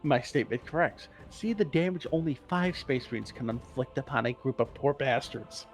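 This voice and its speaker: A man's voice: medium pitch, moderate pace, faint music behind. A man co-hosting a casual podcast, explaining game lore in a rambling, profane way and correcting himself as he goes.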